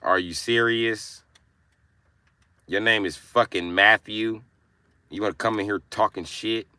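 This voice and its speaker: A man hosting a casual livestream, brash and profane as he roasts his chat, with sudden bursts of yelling. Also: fairly low pitch, steady tone, measured pace, no room sound. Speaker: livestream host.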